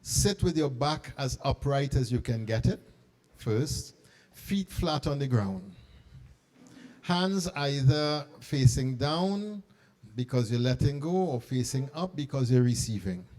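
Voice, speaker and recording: A middle-aged man, an archbishop speaking to a conference of school principals and leading them through a meditation. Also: medium pitch. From Trinidad and Tobago. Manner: animated and coaxing, then slow and hushed in prayer. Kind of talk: talk guiding a meditation. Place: conference hall.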